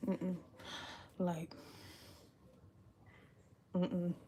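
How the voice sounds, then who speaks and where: Young woman ranting on a live stream, kinda low voice, cussing a lot, rambly, goes whispery sometimes. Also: little pitch movement, drawn-out words, warm tone, a little hiss or hum. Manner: blunt, profane, rambling, drops into a whisper at times. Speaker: livestream host. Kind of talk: casual confessional livestream chat.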